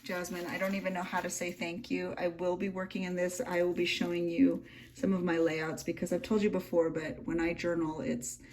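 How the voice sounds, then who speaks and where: A woman's voice: on the low side, little pitch movement, fairly quick. A young woman, gushing and emotional as she flips through a handmade journal at home. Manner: gushing, emotional, soft-spoken. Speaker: journaling vlogger. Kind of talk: casual flip-through vlog. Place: home room.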